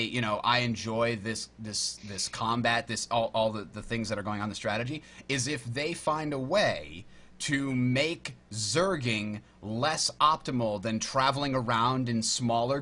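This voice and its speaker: A man hosting a casual gaming podcast, animated and acting out his own reactions. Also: medium pitch. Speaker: podcast host.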